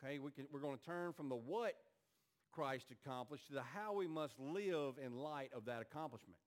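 A male pastor preaches earnestly to his congregation in church at a moderate pace. His delivery climbs to emphatic peaks and sinks to low, quiet moments.

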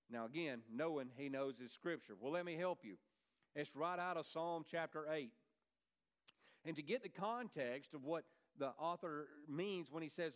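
Man, pastor, conversational sermon, somewhat high voice, smooth tone. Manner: folksy, conversational preaching with asides and repeated words.

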